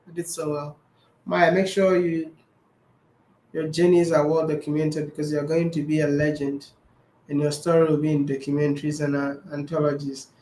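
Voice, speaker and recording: A man's voice: fairly high pitch, little pitch movement, normal speed, darkish tone. A man chatting casually as a vlogger, answering viewer questions, laughing often and repeating his phrases. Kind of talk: casual chat. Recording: roomy echo.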